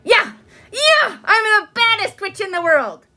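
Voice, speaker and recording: A woman voicing a mischievous little girl in a witch mask, shouting. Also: very high-pitched, big pitch swings, measured pace, voice pushed up, exaggerated voice. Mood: gleeful shouting. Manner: shouted, muffled.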